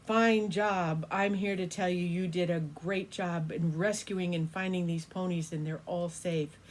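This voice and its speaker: A majestic male golden dragon with two heads, as a grandmother puts him on, speaking in a solemn, ceremonial way and full of praise. The voice sits rather low for a woman and swells louder and brighter than her usual storytelling. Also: fairly even intonation, a little slow, natural voice. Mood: proud, praising.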